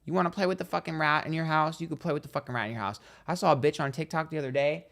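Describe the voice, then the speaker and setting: A man's voice: on the high side, very fast, creaky, a bit bright. Sassy, profane man chatting on a livestream. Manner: sassy, profane, dramatic storytelling. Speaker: psychic livestream host. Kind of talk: casual livestream chat. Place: on a train.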